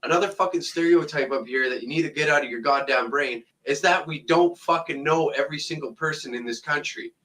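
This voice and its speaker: A man's voice: a little high, fairly quick, hardly any pauses, bright, forceful tone, low-quality recording. A Canadian man delivering a profane, mocking comedic rant to camera, angry and blunt, swearing constantly. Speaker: comedic ranter.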